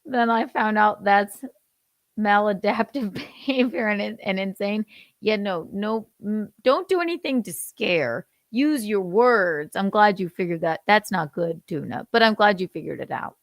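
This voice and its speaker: A woman in her thirties hosting a casual livestream chat, animated and laughing, swearing freely and acting out how she yells. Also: mid-range voice, measured pace, no echo, clean studio sound. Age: 30s. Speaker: host.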